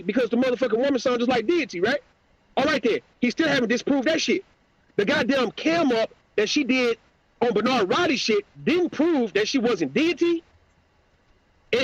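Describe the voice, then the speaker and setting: A man's voice: very high-pitched, husky, dry recording, highs cut off. A man hosting his own channel, delivering a profane, combative, mocking rant in a livestream. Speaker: YouTube channel host.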